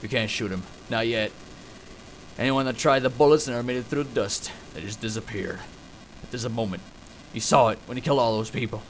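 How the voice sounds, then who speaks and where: A man voicing a grizzled cowboy narrator in a put-on Texan drawl, reading game narration slowly and low. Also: slight background noise, natural voice. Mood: grave. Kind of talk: game narration read aloud.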